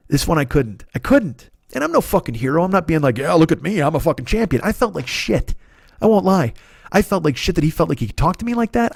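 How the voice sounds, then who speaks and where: A man's voice: on the high side, gravelly, a little mellow, no room sound, clean studio sound. Profane, rambling man telling a story. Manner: rambling, profane, halting restarts. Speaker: podcast host. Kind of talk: casual storytelling monologue.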